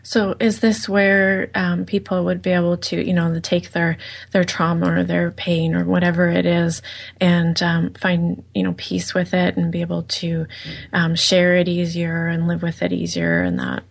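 Gravelly woman asking halting questions. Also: fairly low pitch, fairly even intonation. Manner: halting questions with many "um, you know". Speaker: interviewer. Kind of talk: conversational interview.

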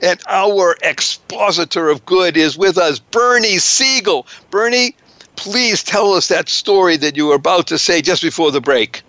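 A man with a high, bright and forceful voice hosts an interview show, gushing with florid praise and stretching out his words. The sound is dry and close, with a dull, lo-fi tone. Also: expressive, measured pace, no echo. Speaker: talk show host. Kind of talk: upbeat interview hosting.

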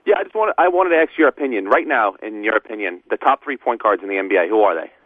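A man's voice: fairly low pitch, lively intonation, quick pace, no echo. Male caller on a tinny phone line. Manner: casual, hesitant with fillers.

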